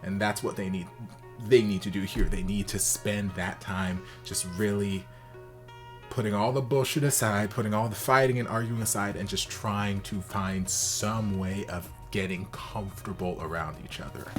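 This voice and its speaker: Young guy w/ a deeper voice, chatty and sassy, reacting to a show, soft music in the back. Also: moderate pace. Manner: sassy, expressive, playful asides. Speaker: reaction video host. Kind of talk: casual reaction commentary.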